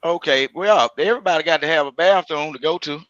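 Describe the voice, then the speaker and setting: A man with a Southern country accent talks in a drawling, folksy way. His voice sits fairly high and sounds bright and sharp. The sound is dry and a bit muffled, as from a lo-fi stream. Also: quick pace, dry recording. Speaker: live stream regular. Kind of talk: casual argumentative chat.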